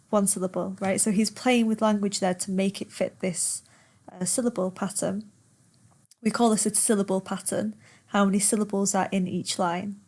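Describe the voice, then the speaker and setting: A woman's voice: mid-range voice, steady tone, moderate pace, a little mellow, breathy edge. A woman teacher in a poetry lesson who reads verse aloud and patiently repeats words to count their syllables.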